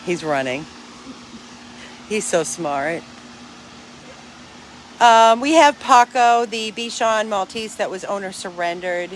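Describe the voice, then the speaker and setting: A woman's voice: mid-range voice, expressive, takes it slowly, long pauses, a little hiss or hum. A woman who runs a dog rescue, talking to her followers outdoors in an earnest, emphatic, chatty way. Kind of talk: casual vlog to followers.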